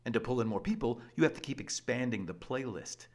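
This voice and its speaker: A man presenting an energetic scripted explainer with a lively, playful and emphatic delivery. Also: medium pitch, fairly quick. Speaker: educational presenter.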